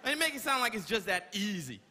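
Loud profane male stand-up comic. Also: high-pitched, very animated, fast talker. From Canada. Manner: loud, profane, punchy delivery. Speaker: stand-up comedian. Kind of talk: stand-up comedy set. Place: large comedy stage with live audience. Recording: loud crowd and room noise.

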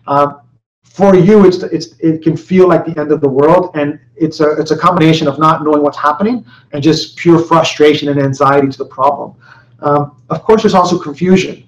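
A man with a fairly high voice presents a webinar, chatty and loose, full of "um"s and restarts, often asking his listeners questions. He sounds set back from the mic in an echoey room, and the audio is muffled. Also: fairly even intonation, fairly quick. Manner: conversational, many fillers and restarts, rhetorical questions. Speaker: company executive presenting a webinar. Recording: roomy, distant, dull webinar audio.

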